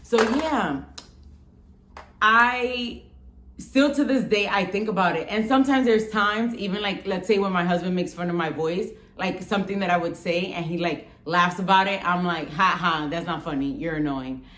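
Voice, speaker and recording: A woman in her thirties from the Bronx with a Bronx accent and a rough voice, chatting frankly to camera and swearing freely as she tells a story. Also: medium pitch, normal speed, fairly bright tone, roomy sound. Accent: Bronx New York. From the Bronx, New York. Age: 30s. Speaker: vlogger.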